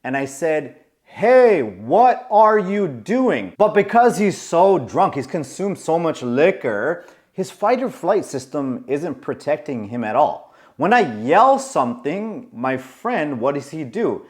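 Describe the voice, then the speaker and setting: Man in his forties, casual storytelling, lively swinging pitch, slightly high voice, acts out voices. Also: a little slow. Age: 40s. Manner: animated, acts out quoted voices. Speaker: coach.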